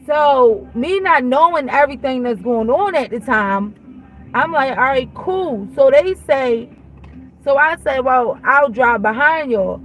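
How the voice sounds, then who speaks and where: This vlog host has a high voice and a measured pace, heard on a muffled recording with faint music in the background. She recounts a story in a blunt, profane, casual way, animatedly acting out the exchange between both sides.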